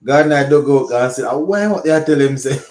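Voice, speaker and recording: Excitable Caribbean cricket commentator, roomy sound. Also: male voice, mid-range voice. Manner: excitable, laughs often, slips into local Creole. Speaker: cricket watch-along commentator. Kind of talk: live watch-along commentary.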